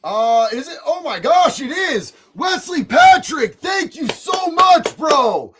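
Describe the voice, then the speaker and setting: A man hosting a live stream, reading chat messages aloud in a loud, excitable way, often shouting. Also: very high voice, takes it slowly, background noise.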